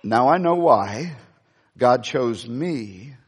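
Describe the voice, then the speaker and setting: A man preaching a sermon with passion, reading scripture with emphatic rises and slowing down on key words. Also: mid-range voice, expressive, slightly rough. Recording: long hall reverb.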